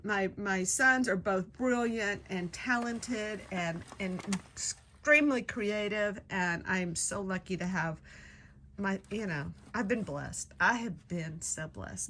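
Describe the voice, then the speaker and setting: A middle-aged woman, chatting in a casual home vlog, gushing and getting emotional in excited bursts, recorded on a handheld phone indoors. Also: mid-range voice, slow pace, slight background noise. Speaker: craft vlogger. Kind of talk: casual chat.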